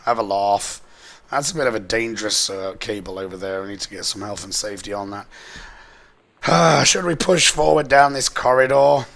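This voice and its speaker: A hoarse man whose voice keeps squeaking and giving out, chatting and joking as he plays through a story game. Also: normal speed, fairly bright tone. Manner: jokey, chatty asides. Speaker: let's play host. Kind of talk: casual gameplay commentary.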